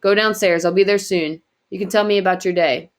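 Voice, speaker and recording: A woman's voice: mid-range voice, fairly even intonation, fairly quick, lightly acted. A woman reading aloud and voicing a stern middle-aged mother who speaks firmly. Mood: commanding. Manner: firm and commanding, then pleading.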